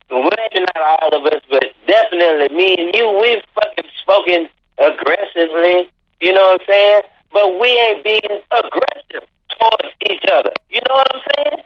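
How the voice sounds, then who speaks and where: A man hosting a podcast, arguing loudly and insistently with plenty of swearing. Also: high voice. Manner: loud, profane, insistent. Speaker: podcast host. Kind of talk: heated casual debate. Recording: dull lo-fi audio.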